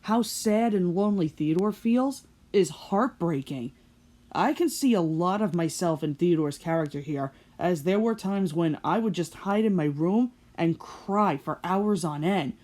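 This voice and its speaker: A woman's voice: lowish voice, animated, unhurried, a little mellow. A woman hosting a video commentary, speaking earnestly and reflectively. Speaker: host.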